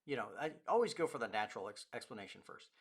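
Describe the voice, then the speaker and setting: A man's voice: mid-range voice, big pitch swings, fast, husky. A man, a pastor, teaching a recorded lecture and telling anecdotes in a conversational way with quoted dialogue.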